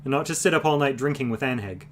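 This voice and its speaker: A man's voice: medium pitch, fast, a little hiss or hum, voice pushed up, natural voice. A man voicing a plump, tearful little queen who fusses over her husband in a fantasy audiobook reading. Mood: fretful pleading.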